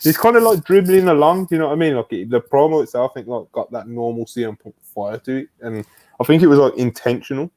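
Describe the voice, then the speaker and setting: A man co-hosting a podcast in casual chat, excitable, swearing freely and retelling events at length. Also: mid-range voice, fast. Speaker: podcast co-host.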